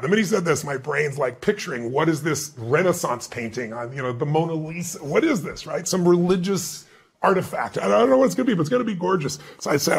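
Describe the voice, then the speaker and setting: Male guest speaker, fairly high pitch, gravelly rasp, animated interview storyteller. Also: fast. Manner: animated, emphatic storyteller who acts out quoted dialogue. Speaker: guest author and motivational speaker.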